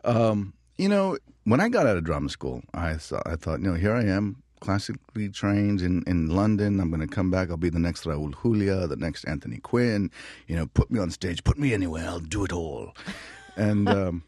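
A man, an actor being interviewed, telling stories from his career in a lively, laughing way and acting out other voices. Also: low voice, moderate pace, dry recording, studio quality. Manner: animated, laughing, acts out voices in anecdotes. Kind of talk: casual storytelling.

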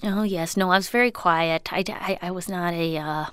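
A woman comedian and voice actor from Minnesota, chatting in an interview, self-deprecating and full of fillers, with a high, childlike voice. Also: moderate pace, fairly bright tone, slight background noise. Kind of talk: casual interview chat.

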